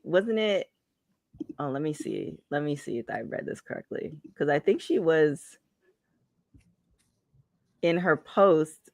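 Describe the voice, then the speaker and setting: An easygoing co-host on a wrestling podcast, speaking at a middle pitch. They read out news items with hesitant fillers and a relaxed pace. The recording is dry and close, with no room sound around the voice. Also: dry recording. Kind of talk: casual wrestling podcast chat.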